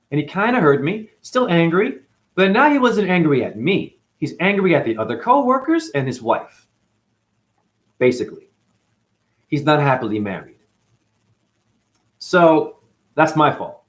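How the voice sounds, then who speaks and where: A man recounting a conflict with his boss at his cleaning job, talking emotionally and quoting people as he tells it. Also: fairly high pitch. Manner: emotional, recounting grievances with acted quotes. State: chronic hip pain. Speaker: janitor. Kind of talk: personal vlog storytelling.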